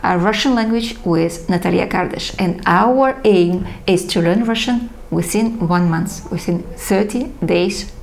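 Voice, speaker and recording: A woman's voice: lowish voice, measured pace, creaky, a little hiss or hum. A woman teaching a recorded language lesson, speaking in careful, slightly non-native English and patiently reading word lists aloud.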